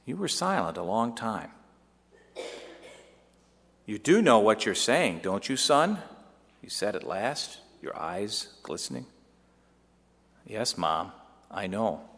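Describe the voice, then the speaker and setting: Male actor as Joseph: earnest young son, tender storytelling monologue, slightly low voice, long hall echo. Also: very animated, takes it slowly, pauses often, fairly bright tone, heavily acted. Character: earnest young man Joseph confiding in his mother. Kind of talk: dramatic first-person monologue. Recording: long echoey hall reverb.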